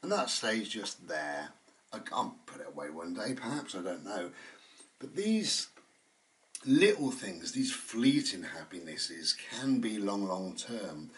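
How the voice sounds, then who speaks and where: A man's voice: lowish voice, big pitch swings, slow pace, a bit bright, distant mic. A man, hosting his own channel and talking at home in a meandering, chatty monologue full of fillers. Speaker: channel host. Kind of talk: rambling reflective monologue. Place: indoors at home.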